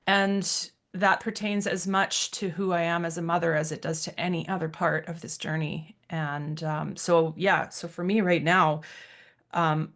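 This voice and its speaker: Podcast co-host, woman in her thirties, lowish voice, earnest and reflective. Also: fairly bright tone. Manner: reflective, heartfelt, many fillers. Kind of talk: casual podcast chat.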